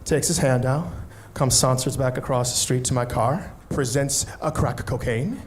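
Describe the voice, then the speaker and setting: A male stand-up comedian of medium pitch tells a story at normal speed. He delivers it with energy and animation, impersonating the other people involved.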